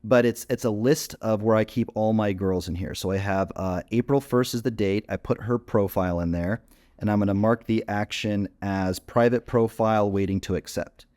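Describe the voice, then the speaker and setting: A man's voice: lowish voice, steady tone, normal speed, a little mellow. A man giving a screen-share tutorial as a dating coach, casual and full of fillers while he clicks through screens.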